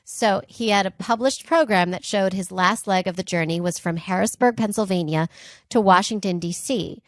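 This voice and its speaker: A woman's voice: medium pitch, normal speed, dry recording, clean studio sound. A woman co-hosting a podcast, retelling a history story in casual, chatty talk with frequent "like" and "um" asides. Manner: chatty and animated, laughs often, asides with "like" and "um". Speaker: podcast co-host.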